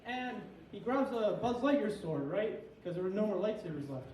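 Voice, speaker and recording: Fairly high-voiced and a little tipsy, a young man delivers a crude, rambling, self-deprecating stand-up routine to an audience at a small comedy venue. He's animated yet mellow at a moderate pace, sounding distant from the mic in an echoey room with a faint ambient hum.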